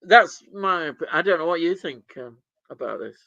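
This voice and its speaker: A man's voice: fairly high pitch, lively intonation, normal speed, vocal fry, bright, forceful tone, dry recording. A man, co-hosting a live stream, chuckling as he reads out chat messages. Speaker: stream co-host reading chat. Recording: dull, dry sound.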